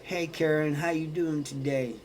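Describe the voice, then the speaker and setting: A man puts on a boastful young inmate who is sure the nurse likes him. The voice rides a little higher than a normal speaking voice and sounds cocky and pleased with itself. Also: steady tone, moderate pace, background noise, natural voice. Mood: smug. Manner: cocky, self-satisfied.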